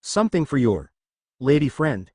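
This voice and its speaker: A man's voice: medium pitch, sing-song, moderate pace, darkish tone, husky, no echo, clean studio sound. A man voicing a pushy, snobbish older traveling merchant with a British accent in a storybook reading.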